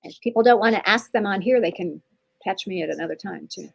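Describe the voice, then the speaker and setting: Poor audio carries a Texas woman's mid-range voice, creaky and husky, as she talks fast. She gives an online percussion masterclass in a chatty, reassuring way, using many fillers and restarts.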